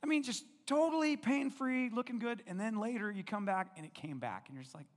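A man preaching in a casual, storytelling way, his voice sitting a little higher than most men's. He pokes fun at himself and slips into the voices of the people in his story. The sound carries a long reverb, as if picked up in a large church hall. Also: lively intonation, brisk. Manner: conversational, self-deprecating, acts out dialogue. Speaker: pastor. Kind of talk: storytelling sermon.

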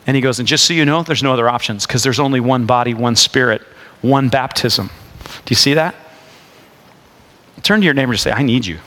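A man's voice: medium pitch, a bit bright. A man in his forties preaching a sermon in a conversational, storytelling way, with jokes, asides and frequent restarts. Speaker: pastor.

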